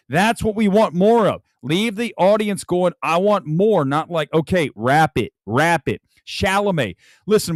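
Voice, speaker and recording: A man hosting a film talk show from a room lined with movie posters, speaking straight to his viewers. His voice sits a little high for a man and sounds close and dry. He gives blunt, emphatic opinions in a casual way. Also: no room sound. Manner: addresses the audience directly.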